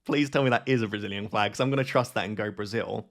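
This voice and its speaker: A man's voice: lowish voice, steady tone, fast talker. A man hosting his gaming channel, giving live gameplay commentary as he thinks aloud and keeps questioning himself.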